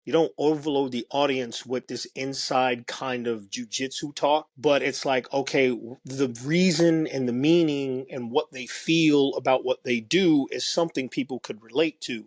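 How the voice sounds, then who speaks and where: A man who directs documentaries chats as a podcast guest at a middle pitch, stopping and restarting his sentences often. His voice is recorded close and dry. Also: no room sound. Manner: halting, many restarts and fillers. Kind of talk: casual podcast conversation.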